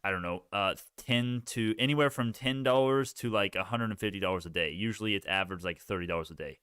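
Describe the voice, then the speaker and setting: A man's voice: lowish voice, quick pace, fairly bright tone, clean tone, dry recording, clean studio sound. A young man hosting a casual stock live stream, rambling, reading the chat and restarting sentences.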